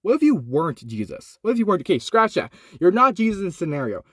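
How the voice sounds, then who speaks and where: A young man recording in his van, casually retelling a Bible story, swinging from excited to hushed and solemn. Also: high voice, quick pace, no room sound, studio quality. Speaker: host. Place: inside a van.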